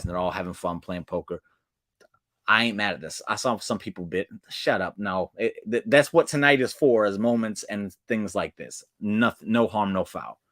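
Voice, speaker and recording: A man hosting a casual wrestling recap, talking excitedly in slang and acting out quotes with sudden jumps in pitch. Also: no room sound, studio quality.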